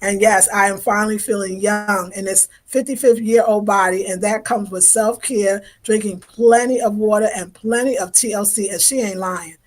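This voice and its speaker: A woman's voice: medium pitch, fairly even intonation, normal speed, hardly any pauses. Effusive woman in her fifties chatting. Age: 50s. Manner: chatty, effusive, informal slang. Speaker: livestream host. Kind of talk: casual livestream chat reading viewer comments.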